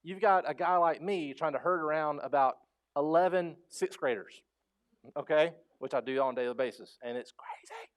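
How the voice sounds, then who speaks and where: A man preaching a sermon as pastor, animated and conversational, acting out voices and asking the congregation questions. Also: fairly high pitch, moderate pace. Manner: animated storytelling, acts out quoted voices; conversational, asks the crowd questions.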